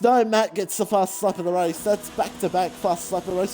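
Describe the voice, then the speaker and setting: Breathless excitable man commentating a race. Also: sits high, fairly quick. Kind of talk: live sim racing commentary.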